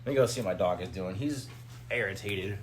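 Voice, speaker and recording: On a live stream, a man rambles loosely while putting hardware together at home, tossing jokes to chat and talking to his dog. His voice sits on the low side and moves a little fast, with a faint hiss or hum underneath.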